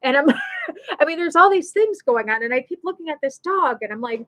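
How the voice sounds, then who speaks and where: A woman's voice: high-pitched, very animated, brisk, fairly bright tone, low-quality recording. A woman hosting a live show, telling an emotional personal story in a rambling way, full of restarts and "you know".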